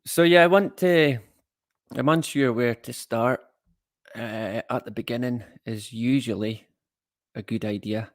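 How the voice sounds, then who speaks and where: Slow, easygoing man chatting on stream. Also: medium pitch, no room sound, studio quality. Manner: rambling and chatty, greets viewers, chuckles at his own jokes. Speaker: livestream host. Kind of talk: casual livestream chat.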